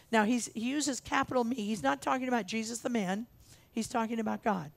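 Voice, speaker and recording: Gravelly-voiced woman minister preaching. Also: fairly high pitch, moderate pace, no echo. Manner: earnest, emphatic, repeats key phrases. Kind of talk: sermon. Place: church sanctuary.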